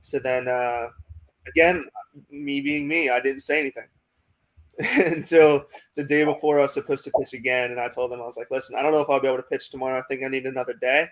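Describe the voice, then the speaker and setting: A young man with an American accent, a minor league pitcher telling a long story in a casual interview, full of "like" and "um". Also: steady tone, fast. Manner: rambling, many fillers like "like" and "um".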